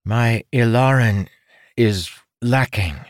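Man voicing a brisk young woman warrior. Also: medium pitch, no echo, studio quality, voice pushed up, natural voice. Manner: brisk, direct commands.

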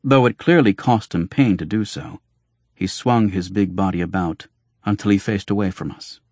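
A man giving a measured, formal scripted narration of an audiobook. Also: low-pitched, darkish tone, no room sound, studio quality.

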